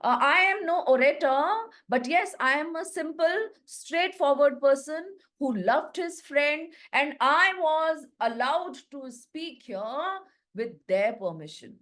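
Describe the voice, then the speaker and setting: A woman, a literature teacher who reads a line of the play slowly and then restates it in plain words. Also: high-pitched, lively intonation, a bit bright. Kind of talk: reading and explaining a play.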